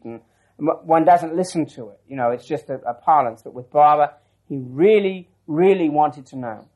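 A low-quality recording catches a man with a fairly high but darkish voice talking at a moderate pace. He's an interviewee sharing a long personal story for an oral history, reflecting and rambling, often starting over or adding asides.

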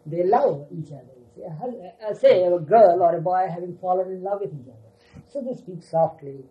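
An older man recalling his time with his teacher for a small gathering, unhurried and often adding "you see". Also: high-pitched, muffled recording. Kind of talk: reminiscing talk to a gathering.

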